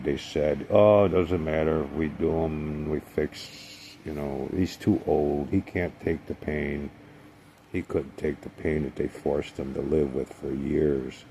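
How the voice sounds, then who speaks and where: A man's voice: extremely low pitch, creaky, mellow, slight background noise. A man telling a personal story in a casual monologue, rambling and digressive, with a sardonic sense of humor. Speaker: vlogger.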